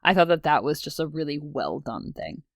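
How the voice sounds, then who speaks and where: Giggly young woman with a low voice. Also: big pitch swings, normal speed, no room sound. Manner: giggly, chatty, frequent fillers. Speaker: podcast co-host. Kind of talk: casual chat.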